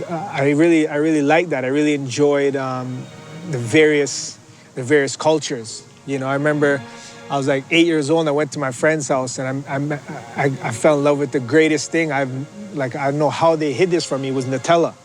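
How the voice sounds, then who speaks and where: A man's voice: fairly high pitch, fairly even intonation, low-quality recording. A man from Scarborough, Canada, speaking in a documentary interview about growing up, with frequent restarts and fillers. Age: adult. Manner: halting, many restarts and fillers. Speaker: interviewee, athlete. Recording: faint music underneath.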